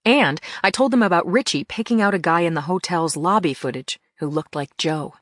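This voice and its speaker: A woman's voice: on the low side, brisk, a bit bright, no room sound, clean studio sound. A woman reading an audiobook in the first person, with tense, emphatic storytelling. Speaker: audiobook narrator.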